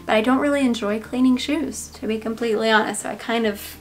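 A woman's voice: on the high side, fairly even intonation, fast talker. A woman with a Southern US accent chatting casually to camera, thinking aloud with fillers as she goes through a thrift haul. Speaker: reseller showing a thrift haul.

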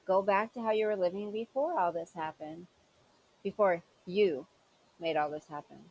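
A woman's voice: fairly low pitch, moderate pace, muffled recording. Sarcastic woman scolding in commentary. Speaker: commentary channel host. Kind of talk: commentary on clips.

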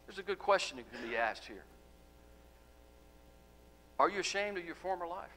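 Male pastor, bright and slightly high voice, emphatic sermon delivery with hushed phrase endings. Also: expressive, moderate pace, pauses often, poor audio. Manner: emphatic, rhetorical questions, drops to soft endings.

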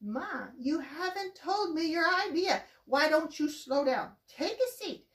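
A woman voicing a steady, cautious father rat who speaks in a calm, admonishing way. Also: high-pitched, unhurried, roomy sound, voice pushed up.

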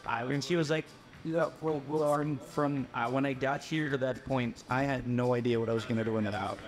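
A man's voice: medium pitch, a little fast, faint music behind. Young man from the Philippines, storytelling. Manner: animated, acts out voices in quotes. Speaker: podcast guest. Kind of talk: casual storytelling.

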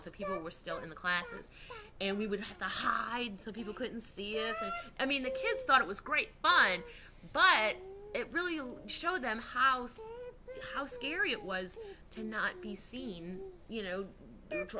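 A woman's voice: mid-range voice, pushed and bright, slight background noise. A woman, a teacher giving a chatty history lesson to children from home, with many fillers and restarts.

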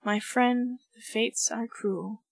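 A woman's voice: fairly high pitch, fairly even intonation, slow, gravelly, dry recording, exaggerated voice, low-quality recording. Woman doing a brooding, dead-voiced soldier. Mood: somber. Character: melancholy male soldier, brooding and poetic.

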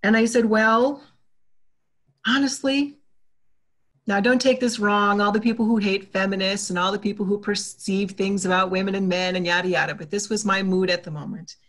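A woman's voice: medium pitch, fast, few pauses. A woman, a talkative guest in a casual interview who acts out the conversations she retells. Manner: animated, talkative, acts out quoted exchanges.

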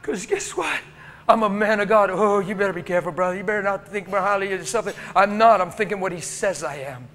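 A man preaching a sermon as he tells a story, dropping to a hush and rising to a shout. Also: sits high, quick pace.

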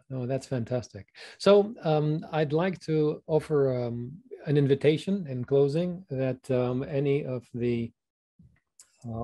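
A male podcast co-host with a very dark, mellow voice. He speaks in an earnest, affirming way, often agreeing with his guest. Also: medium pitch. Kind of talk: interview hosting.

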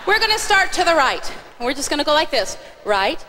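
A high, bright woman's voice guides kids through a song in cheerful live-stage banter. Her stage mic rings out into a big church hall with a long reverb tail, and a faint audience murmur sits underneath. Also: very animated, a little fast. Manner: cheerful, coaxing, directing children. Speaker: singer leading a children's song on stage. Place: large church auditorium.

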